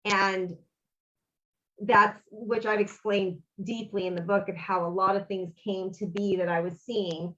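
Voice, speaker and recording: A woman's voice: medium pitch, steady tone, measured pace, fairly bright tone, muffled recording. A woman, a guest on an interview, telling a personal story in an earnest, rambling way and acting out the dialogue. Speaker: interview guest, author and bereaved mother.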